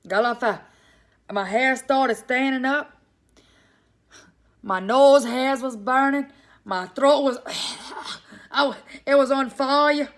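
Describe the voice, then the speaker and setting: A woman with a Cajun Louisiana accent telling a comic story in a casual, animated way, calling her listeners "y'all". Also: high voice.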